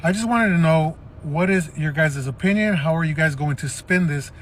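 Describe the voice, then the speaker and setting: A man speaking to the camera in a measured, disappointed tone, asking viewers for their opinions. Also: a little high, fairly bright tone, slight background noise. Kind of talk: commentary video addressing viewers.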